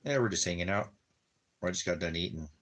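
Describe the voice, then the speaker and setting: A man's voice: low-pitched, a little fast, a bit bright. A man talking casually at home, rambling and repeating himself, cooing to his dog and drifting into preachy religious talk. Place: at home in the desert.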